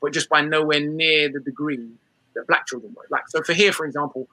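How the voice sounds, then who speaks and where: A British man talking fast and with force, laying out an argument like a lecture. His voice is bright with a slightly husky edge, and it sits a touch high for a man. The sound is close and dry. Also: steady tone, no room sound, rough recording. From Britain. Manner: rapid, forceful, argumentative delivery. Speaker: guest author and historian. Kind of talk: lecture-style interview answer.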